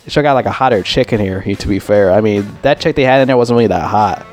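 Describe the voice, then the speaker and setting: A man's voice: fairly low pitch, quick pace, darkish tone, faint music behind. A man giving a casual, profane movie review, rambling and complaining in an exasperated way.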